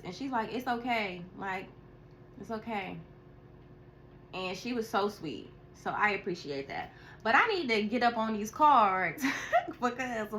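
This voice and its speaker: A woman telling a casual story on her vlog. She talks in an animated, chatty way, with laughs and sighs. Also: fairly high pitch, slight background noise. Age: adult with a school-age daughter. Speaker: tarot reader.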